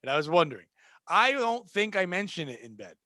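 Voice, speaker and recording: A male comedy podcast host in loose, crude banter who laughs often. His voice is high, bright and animated, with wide swings in pitch. The sound is dry and close. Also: brisk, dry recording.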